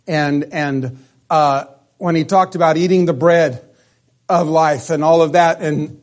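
A man preaching a sermon, emphatic, sometimes dropping to a hush, and often restarting his words. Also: a little high. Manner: emphatic, drops to a hush for dramatic lines.

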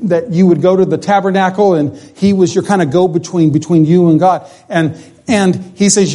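A man's voice: sits high, moderate pace. A man preaching a sermon, asking the congregation rhetorical questions as his voice climbs and drops. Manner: animated preaching with rhetorical questions, voice rising and falling. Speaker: pastor.

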